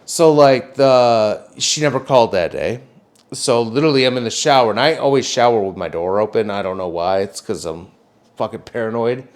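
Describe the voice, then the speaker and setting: A man in casual podcast chat, telling a long story with plenty of swearing. His voice sits at an ordinary pitch but jumps up sharply whenever he gets worked up, and he leans into the retelling. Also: moderate pace. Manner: animated storytelling, swears a lot, voice jumps up when excited. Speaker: podcast co-host.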